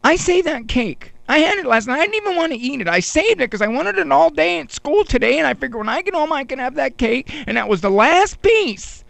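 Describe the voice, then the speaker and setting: A man's voice: very high-pitched, huge pitch swings, slow, pauses often, dry recording, pitched above the performer's own voice, full character voice. A man voicing his younger self as a whiny, sensitive boy, pleading in a quivering, groveling tone.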